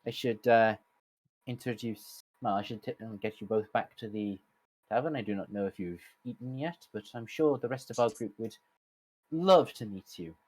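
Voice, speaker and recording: Man putting on a hushed, smooth-talking Irish bard; quiet, flattering adventurer. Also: on the low side, normal speed, slight background noise, natural voice. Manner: soft, subdued, a bit sad-sounding.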